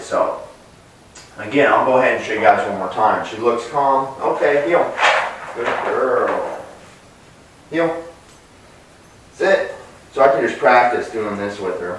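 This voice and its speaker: Echoey dog trainer man, distant mic. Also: lowish voice. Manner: relaxed, explains plainly with frequent "uh" and restarts. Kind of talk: casual instructional talk to camera. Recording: echoey room, voice picked up from a distance.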